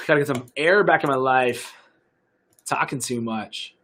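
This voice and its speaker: A young adult man, a fitness coach from the United States, chatting casually and upbeat on a live stream, rambling with fillers and restarts while pitching a product. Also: a little slow, fairly bright tone.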